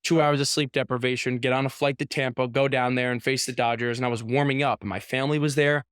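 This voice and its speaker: Young male athlete guest, chatty and animated, smooth clear voice, dry close sound. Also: medium pitch, fast, no room sound. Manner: animated storyteller, heavy use of "like", acts out quotes. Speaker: professional baseball pitcher, guest. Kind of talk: casual storytelling interview.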